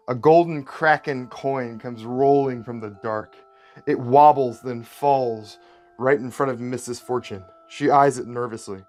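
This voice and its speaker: Man, casual storytelling narration, relaxed and rambling, middle pitch, faint music. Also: measured pace. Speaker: creator telling a story pitch.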